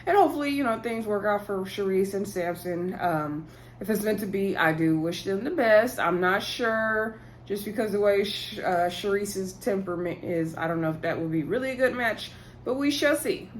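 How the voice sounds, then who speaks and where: A woman talks through a reality show episode in a loose, chatty vlog style. She slips into quoted lines and keeps her voice at a middle pitch for a woman. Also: normal speed, slight background noise. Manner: chatty, animated retelling with quoted voices and laughs. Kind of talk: casual recap vlog.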